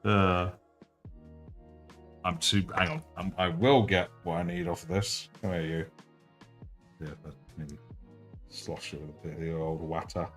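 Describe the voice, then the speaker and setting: A man with a baritone voice hosting a casual painting livestream, chatty and jokey, thanking viewers as he works. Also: little pitch movement, measured pace, pauses often, fairly bright tone, faint music behind. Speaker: livestream host.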